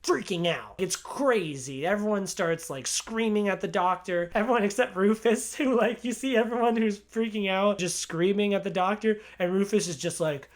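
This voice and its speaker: Excitable young man gushing about a film. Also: high-pitched, normal speed, few pauses. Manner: excitable, gushing, laughs often, heavy "like" filler. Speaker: film reviewer. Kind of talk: casual movie review.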